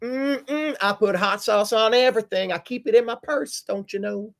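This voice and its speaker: A man putting on a mocking impression of an older woman politician in a fake Southern drawl, high and sing-song. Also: normal speed, gravelly, fairly bright tone. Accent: put-on American Southern.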